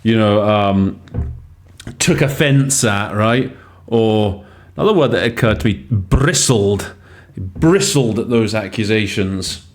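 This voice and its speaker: A man with a fairly low voice talks through interpreting choices in a relaxed, teacherly way. He thinks aloud as he goes, with frequent fillers and self-corrections. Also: takes it slowly. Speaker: podcast host teaching interpreting. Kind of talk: casual explanatory commentary.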